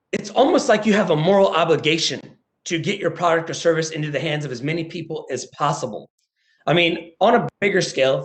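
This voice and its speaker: An American man, a motivational speaker, giving a lively sales presentation over a video call and acting out phone conversations. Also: on the high side. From United States. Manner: animated, acts out phone calls in quoted voices.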